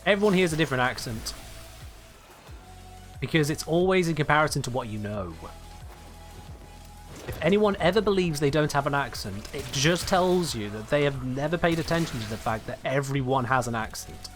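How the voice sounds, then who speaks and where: British male game streamer, animated delivery, rambling casual chat, faint music under him. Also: on the high side, moderate pace. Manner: chatty, rambling, reads chat aloud and chuckles often. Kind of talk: casual live-stream chat while gaming.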